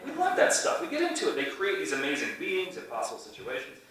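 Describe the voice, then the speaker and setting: Playful pastor in an echoey church. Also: male voice, fairly high pitch, wildly swooping pitch, fast talker, far from the mic, a crowd in the background. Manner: chatty, playful, with many restarts. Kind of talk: casual storytelling sermon. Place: church sanctuary.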